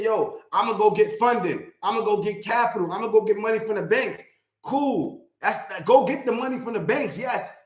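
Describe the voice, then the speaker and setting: Blunt mentor guy on a livestream, keeps repeating himself for emphasis, kinda high voice. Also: roomy sound. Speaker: real estate investor and mentor. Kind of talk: livestream talk.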